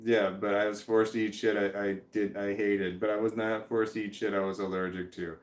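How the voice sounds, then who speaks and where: A man's voice: lowish voice, flat delivery. Guy rambling through chat comments on a home stream, keeps restarting words, echoey room. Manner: halting, repeats words, reads comments aloud and stumbles over them. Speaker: vlogger reading chat comments. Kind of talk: casual livestream chat. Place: indoors at home with his dog. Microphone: webcam.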